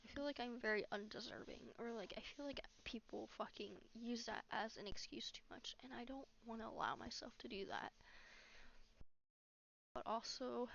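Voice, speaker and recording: A young woman venting in a casual, rambling monologue, halting often, swearing a lot and dropping to a near whisper. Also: fairly high pitch, vocal fry, a bit bright. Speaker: vlogger. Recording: dull lo-fi recording.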